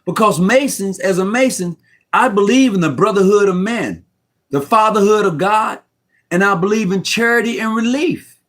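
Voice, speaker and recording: Middle-aged man, high voice, rambling and heartfelt, slangy, choked up at times, speaking over a video call from home. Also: normal speed, a bit bright. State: near tears. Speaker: Mason guest on a live stream. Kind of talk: emotional casual talk. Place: room at home.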